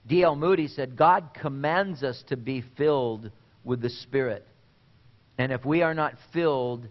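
A man preaching a sermon in an earnest way, with deliberate pauses and repeated phrases. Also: mid-range voice, highs cut off. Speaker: pastor.

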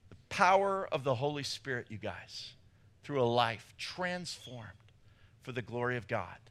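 A man preaching a sermon as pastor, telling a story with big swings between loud bursts and hushed moments. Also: mid-range voice, big pitch swings, a little slow.

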